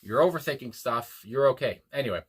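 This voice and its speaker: A young man reacts to a song in a loose, rambling way, circling back to his points and chuckling between thoughts. His voice sits at an ordinary middle pitch, with plenty of "uh" and "you know" as he works out what he means. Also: animated, a little fast, slightly rough. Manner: rambling, frequent fillers and restarts, chuckles often. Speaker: music reaction channel host. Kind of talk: casual reaction commentary.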